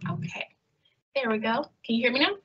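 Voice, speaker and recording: A woman's voice: a little high, expressive, a little fast, pushed and bright, slightly rough. Southern woman on a dull call line. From American South. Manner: casual, friendly, says like and y'all. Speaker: webinar panelist. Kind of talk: webinar discussion. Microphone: video call.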